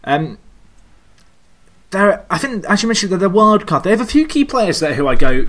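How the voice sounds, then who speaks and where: A man's voice: a little high, fairly bright tone. Man hosting a casual football podcast. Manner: measured, hedging analysis. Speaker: podcast host.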